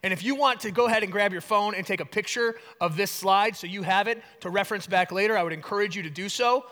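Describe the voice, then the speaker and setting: A man's voice: high-pitched, fast talker, sharp tone, in a large hall. A man preaching a sermon as a pastor, in a casual, conversational teaching manner with playful asides.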